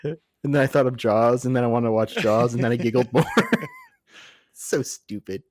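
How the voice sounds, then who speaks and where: A man co-hosting a podcast in casual chat, giggly and quick to call things dumb. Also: medium pitch, steady tone, a little mellow, dry recording. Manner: giggly, dismissive. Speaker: podcast co-host.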